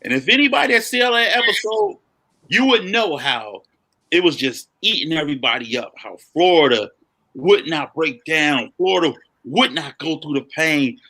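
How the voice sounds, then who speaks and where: Animated high-voiced man telling stories. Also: moderate pace. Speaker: podcast co-host. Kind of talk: casual chat.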